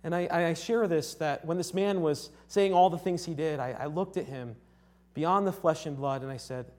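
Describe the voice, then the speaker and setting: A man's voice: on the high side, normal speed, a little mellow. A young man from Connecticut preaching a sermon in an earnest, conversational way, often restarting his sentences and checking in with his listeners. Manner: earnest, conversational, with frequent restarts and rhetorical "right?".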